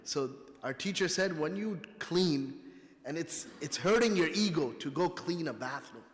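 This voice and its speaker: A man's voice: fairly high pitch, expressive, measured pace. Urdu-speaking man preaching in a reverberant hall. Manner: storytelling, conversational preaching. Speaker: guest speaker at a mosque. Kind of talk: sermon. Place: mosque hall. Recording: long reverb of a mosque hall.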